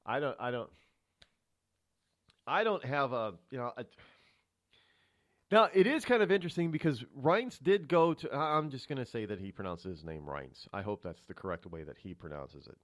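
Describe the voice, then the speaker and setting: A man hosting a radio talk show, rambling through a solo monologue of political commentary with many restarts. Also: normal speed. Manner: rambling, restarts often, animated pitch swings. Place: radio studio.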